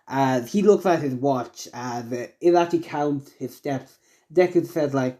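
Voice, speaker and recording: A man improvising a fan-fiction story out loud, rambling with many fillers and self-corrections. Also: mid-range voice, moderate pace.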